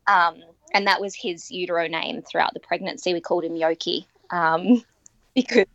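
A woman, telling her personal story as a podcast guest, earnest and halting with many ums and restarts. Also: lowish voice, vocal fry, a bit bright, no room sound. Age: 30s. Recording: dry, dull lo-fi recording.

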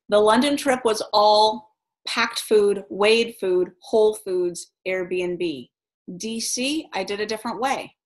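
A woman vlogger telling travel stories in a chatty, animated way, laughing as she goes. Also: fairly low pitch. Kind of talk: casual storytelling vlog.

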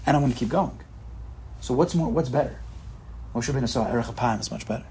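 A man's voice: mid-range voice, fast, darkish tone, slightly rough. Emphatic man giving a Torah lecture. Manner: emphatic, repetitive, mixes Hebrew and Yiddish terms. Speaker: Torah teacher.

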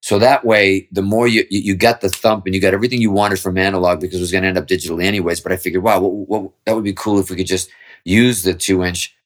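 Deep-voiced man talking candidly about guitar tone. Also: steady tone, fast talker. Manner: candid, swears freely, explains at length. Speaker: guest guitarist. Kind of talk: casual interview chat.

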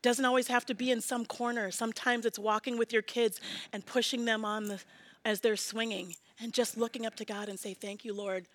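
A woman in her forties preaching a sermon as pastor, earnest and personal, often dropping to a soft prayerful hush. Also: fairly high pitch, level tone, fairly quick, no echo. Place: church sanctuary.

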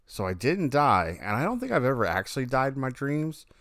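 A man's voice: medium pitch, big pitch swings, fairly quick, a bit bright, dry recording, studio quality. A man casually telling a long, rambling story about his dreams, often correcting himself mid-sentence.

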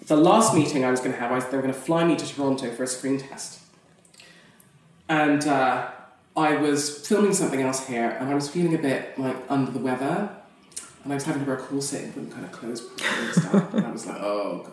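A woman, an actress appearing as a podcast guest, tells a personal story frankly and animatedly, laughing often, in candid conversational storytelling. Her bass voice runs a little fast, and she's recorded off mic from a distance in a very echoey room.

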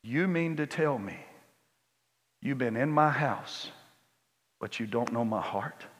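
A male preacher playing a patient, loving father who speaks low and soft. His words come slow and gentle. They ring out in a long church reverb. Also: lively intonation. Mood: tender.

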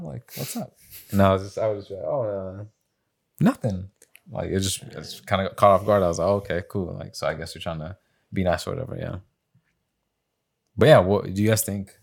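Low-voiced man telling a story casually. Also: creaky. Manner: animated, acts out quotes in a raised voice, swears often. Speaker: podcast co-host. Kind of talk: casual storytelling among friends.

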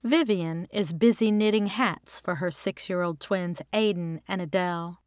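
A woman from Texas, an author reading her own short story aloud in an even, clear way. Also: lowish voice, measured pace, no echo, studio quality. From Texas, United States. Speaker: author and narrator. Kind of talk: scripted storybook narration.

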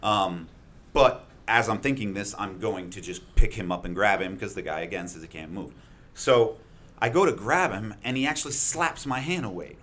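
A man with a low voice tells a story from a call he worked, in plain conversational speech. He slips into the voices of the people he met, loud and sharp. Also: moderate pace. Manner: vivid retelling, acts out quotes loudly. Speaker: first responder telling his story.

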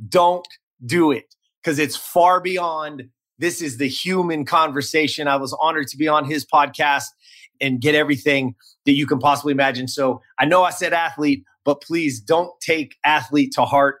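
A man's voice: fairly high pitch, steady tone, moderate pace, a bit bright. A man hosting a podcast interview, enthusiastic and hype-building, often repeating words as he talks. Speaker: podcast host.

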